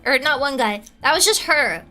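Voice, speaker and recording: A woman's voice: sits high, expressive, moderate pace, pushed and bright, faint music behind. A young adult woman streamer telling a gossipy story in casual chat, laughing often and answering her chat.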